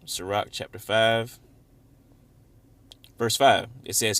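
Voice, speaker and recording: A man leading an informal Bible study, reading verses slowly and with emphasis, then explaining them in casual, conversational talk. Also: fairly low pitch, fairly bright tone, no room sound. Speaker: Bible teacher.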